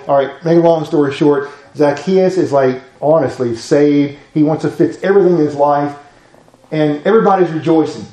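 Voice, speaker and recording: A folksy preacher, a man who slips into little voices to act out the scripture. His voice sits a touch high for a man and carries the echo of a roomy hall. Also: fairly even intonation, brisk, mellow. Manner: folksy, acts out Bible dialogue in voices. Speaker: pastor teaching a class. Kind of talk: informal sermon.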